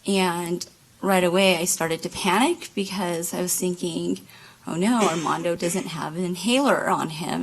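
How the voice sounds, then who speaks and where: A woman giving courtroom testimony as a witness, halting, with many fillers and restarts. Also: fairly low pitch, rough recording. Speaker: trial witness. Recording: courtroom microphone.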